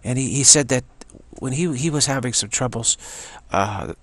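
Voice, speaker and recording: A man giving a casual personal testimony, halting often and repeating words as he goes. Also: medium pitch, a bit bright, dry recording.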